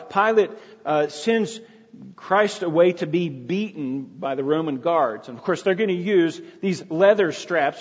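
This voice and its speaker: A man's voice: fairly high pitch, slightly rough. A man preaching a sermon, retelling a story in a plain storytelling way with frequent restarts. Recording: dull echoey hall.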